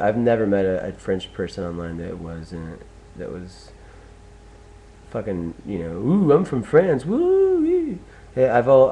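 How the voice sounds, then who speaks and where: A man's voice: fairly low pitch, darkish tone, rough recording. A young man from the United States talking alone in a casual, profane, rambling monologue with many restarts. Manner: profane, ranting, full of restarts. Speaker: vlogger.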